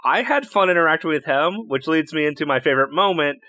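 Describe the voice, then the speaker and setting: Man, podcast guest, bright forward tone, dry close sound, halting recall. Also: fairly high pitch, no echo. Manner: halting, restarts while recalling. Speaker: tabletop game player. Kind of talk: casual podcast chat.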